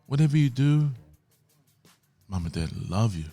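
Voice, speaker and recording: A man's voice: medium pitch, sing-song, moderate pace, mellow, soft background music. A middle-aged man, a worship singer guest on a podcast, talking earnestly and reflectively in casual chat. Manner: earnest, reflective, keeps saying "you know what I mean". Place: podcast studio.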